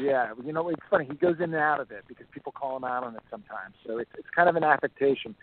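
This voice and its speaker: A man from Texas, an actor guest, chatting casually in a phone-in interview with lots of fillers. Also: medium pitch. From Texas, USA. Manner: relaxed and chatty, many fillers. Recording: tinny phone line.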